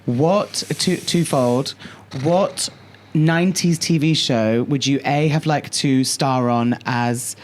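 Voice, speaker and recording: A woman's voice: very deep voice, slow pace, slight background noise. A woman hosting a casual podcast, asking chatty, rambling questions of her guest. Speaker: podcast host.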